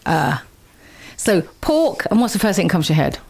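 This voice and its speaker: A woman's voice: fairly low pitch, sing-song, moderate pace, vocal fry, darkish tone, slightly rough. A woman hosting a local radio show, chatting casually, giggling often and explaining things at length. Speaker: radio host.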